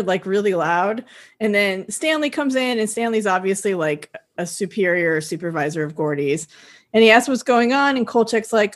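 A woman's voice: medium pitch, animated, normal speed. A woman co-hosting a podcast, casually retelling a TV episode scene by scene and laughing now and then. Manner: retells scenes with acted-out quotes, laughs often. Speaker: podcast co-host. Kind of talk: casual episode recap chat.

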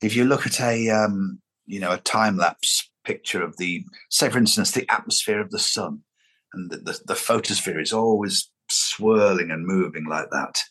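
A man's voice: lowish voice, moderate pace, a bit bright. A man, a guest impressionist chatting in an interview, musing and relishing the sound of words. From England. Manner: musing, playful, savors words. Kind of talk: casual interview chat.

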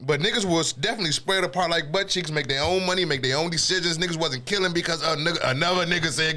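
A man's voice: fairly high pitch, quick pace, hardly any pauses, sharp tone. A middle-aged man from the D.C. area with a DMV accent, hosting a podcast in rambling, profane casual chat and laughing often. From Washington, D.C. area. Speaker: podcast host.

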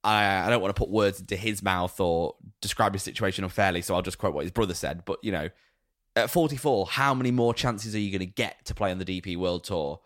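Podcast co-host, man in his thirties, low voice, dry close sound, relaxed storyteller. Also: fast talker, no echo. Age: 30s. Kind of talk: casual chat.

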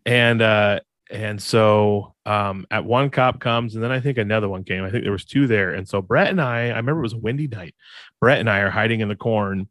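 Podcast co-host, male, low voice, dry close sound, rambling storyteller. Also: brisk, fairly bright tone, dry recording. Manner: rambling, laughs at own story. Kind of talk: casual storytelling.

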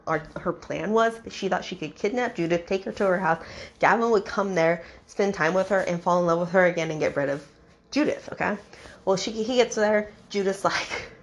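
Exasperated young woman recapping a book. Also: lowish voice. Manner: animated, exasperated, mock-quoting characters. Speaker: podcast host reviewing a book.

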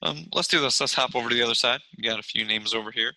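A man hosting a casual sports podcast, steering the conversation and making blunt, joking put-downs. His voice is very bright and edgy with gravelly fry, recorded dry. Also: mid-range voice, very fast, no echo, poor audio. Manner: leads the segment, blunt jokey put-downs. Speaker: podcast host.

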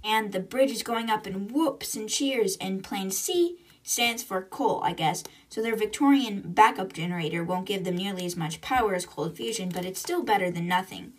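A young woman hosts a casual book podcast, recapping chapters in a chatty way and tossing in side comments. Her voice is husky and she sits a little back from the microphone. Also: mid-range voice, normal speed, few pauses, recorded from a distance. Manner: chatty, retells with asides. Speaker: podcast host.

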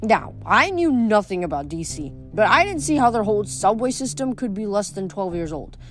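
A woman's voice: mid-range voice, big pitch swings, normal speed, faint music behind. Woman reading a novel aloud. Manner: plain reading with small stumbles and self-corrections. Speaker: audiobook reader.

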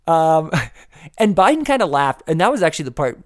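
A man's voice: on the high side, very animated, brisk, dry recording. Rambling male podcast host, dry sound. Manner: rambling, frequent restarts and "like"; wry, laughing asides. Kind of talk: casual solo commentary.

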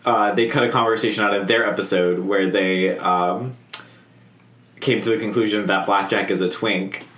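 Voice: deep voice, steady tone, normal speed, fairly bright tone, slight background noise. A podcast co-host chatting casually, rambling with many ums and laughing mid-sentence. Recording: echoey room.

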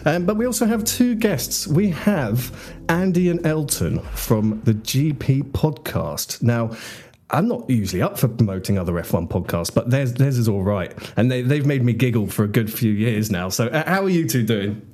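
A man's voice: medium pitch, lively intonation, moderate pace, darkish tone. A young man hosting a casual podcast chat, joking and laughing easily. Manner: chatty, self-deprecating, laughs easily. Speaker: podcast host.

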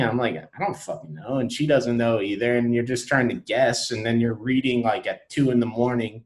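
A man's voice: lowish voice, a little fast, few pauses, low-quality recording. A man, a new father and podcast guest, telling laid-back stories and acting out his own thoughts in casual chat.

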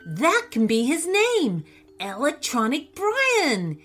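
A woman doing an excited little boy. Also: high-pitched, takes it slowly, soft background music, pitched above the performer's own voice, exaggerated voice. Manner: eager, exclamatory. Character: excited young boy inventor.

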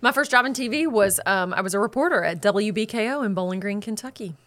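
A woman co-hosting a podcast, telling stories in a lively, animated way with frequent laughter. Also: medium pitch, quick pace. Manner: animated storyteller, laughs often. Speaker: podcast co-host. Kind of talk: casual chat.

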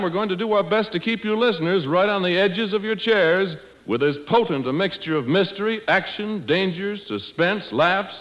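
A man announcing in hearty, promotional 1940s radio style. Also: on the high side. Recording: dull old radio broadcast.

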